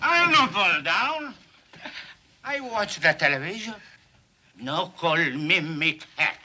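Casual: sleepy tipsy old dad, slow and slurry, pitch swings a lot. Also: male voice, big pitch swings, bright, forceful tone, a little hiss or hum, heavily acted. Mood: drowsy. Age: older. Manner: slow, slurred, broken phrasing. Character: drowsy, tipsy old father watching TV. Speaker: father.

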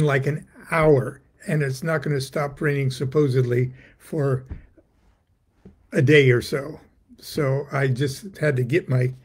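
A man's voice: medium pitch, darkish tone, breathy edge. An older man hosting a casual chat, easygoing with dry humor. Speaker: host.

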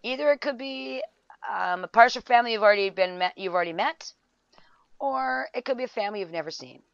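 A woman casually commenting on a life-sim game, excitable, laughing and shouting at the screen. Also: on the high side, brisk, gravelly, no echo, lo-fi sound. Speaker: gameplay video host.

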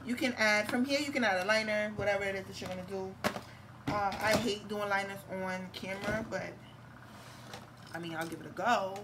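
A woman's voice: mid-range voice, a little fast, noisy background. A young woman, chatting casually and candidly through a makeup tutorial, swearing and laughing often. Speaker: beauty vlogger. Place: room at home with a fan on.

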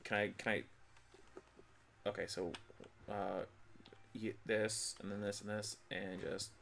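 A man hosting a casual gaming video, narrating his play with frequent swearing, laughter and frustrated shouts. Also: on the low side, level tone, measured pace, creaky, slight background noise. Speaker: gaming channel host. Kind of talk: casual let's-play commentary.

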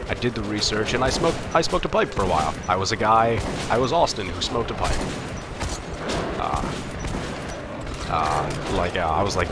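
A young man streaming a game live, rambling through anecdotes in a halting, self-mocking way. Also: lowish voice, animated, over loud music.

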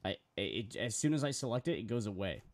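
A man's voice: fairly low pitch, sing-song, fast talker. A young man streaming live as he designs graphics, talking to himself in a casual, profane way and getting easily frustrated.

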